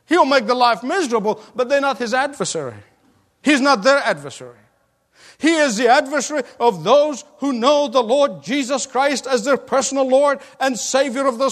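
A man preaches a sermon with emphatic repetition and frequent light laughs. His voice sits high for a man. The long reverb of a large hall trails every phrase. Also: a bit bright.

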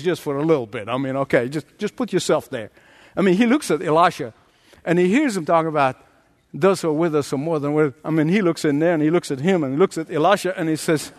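A middle-aged man delivers a sermon in a high, very lively voice, acting out the story's scenes as he goes. His voice carries a long reverb from a large church hall. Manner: animated preaching, acts out scenes with big pitch leaps. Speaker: pastor.

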